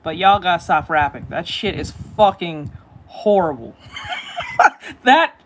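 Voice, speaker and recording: A woman from New York reacting to videos with loud, blunt, profane exclamations. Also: on the low side, expressive, a little slow, a little hiss or hum. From United States, New York. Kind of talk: reaction commentary.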